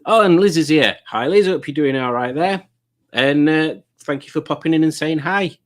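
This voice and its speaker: A man's voice: fairly high pitch, normal speed. A middle-aged man hosting a casual livestream, rambling as he reads out viewer comments. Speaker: livestream host.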